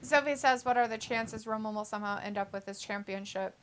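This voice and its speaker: A woman's voice: fairly high pitch, a little fast, a little hiss or hum. A woman co-hosting a wrestling watch-along live stream in casual chat, reading viewer comments aloud and reacting to them. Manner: chatty, reads chat messages then reacts.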